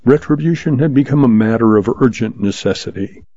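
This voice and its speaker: Man, story narration, steady measured pace, mellow dark tone, husky, dry lo-fi recording. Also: medium pitch, dry recording. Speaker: story reader, host. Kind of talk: scripted narration of pulp western stories. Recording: dull lo-fi, dry.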